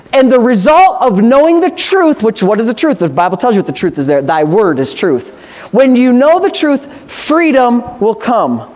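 A man's voice: very high voice, darkish tone. A man, a pastor, preaching a sermon with passionate, repetitive emphasis.

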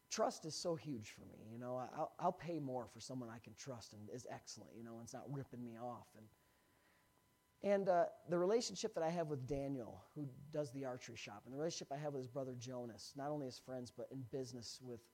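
A man preaching a sermon, telling a personal story in an animated way and building to emphatic points. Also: mid-range voice. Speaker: pastor.

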